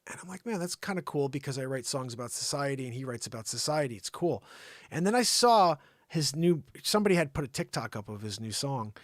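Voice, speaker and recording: A man's voice: a little high, no echo, studio quality. A middle-aged man hosting a livestream, chatting casually in a rambling way and slipping into impressions. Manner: rambling, animated, breaks into impressions. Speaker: livestream host.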